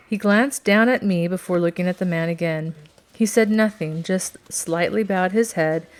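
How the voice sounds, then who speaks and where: A woman reading a novel aloud as scripted narration, in a measured, steady storytelling manner. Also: fairly low pitch. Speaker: audiobook reader.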